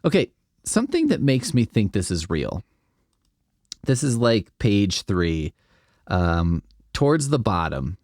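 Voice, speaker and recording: A man's voice: fairly low pitch, sing-song, slow, long pauses, a little mellow, no echo, studio quality. A man hosting a comedy podcast, reading a script aloud and riffing with rambling, wry asides that trail off. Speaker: podcast host.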